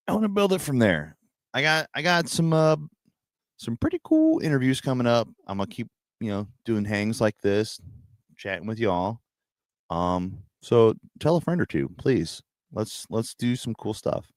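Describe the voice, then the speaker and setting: A man's voice: sits low, a little mellow, no room sound, studio quality. A young adult man hosting a casual livestream hangout, talking in a laid-back, profane way and laughing often. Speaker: livestream host.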